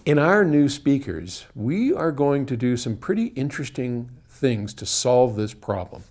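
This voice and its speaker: A man's voice: mid-range voice, expressive, takes it slowly, darkish tone. A man who runs an audio company, answering viewer questions in casual explanatory talk. He speaks conversationally with frequent restarts and repeated words, recorded on one microphone in an indoor room. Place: indoor room, moving toward and away from a wall. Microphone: single microphone in the room.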